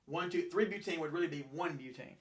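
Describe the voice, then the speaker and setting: At the chalkboard, a chemistry teacher with a somewhat high voice lectures fast. He rambles and corrects himself, narrating his drawings and models as he builds them in a loose, unscripted way.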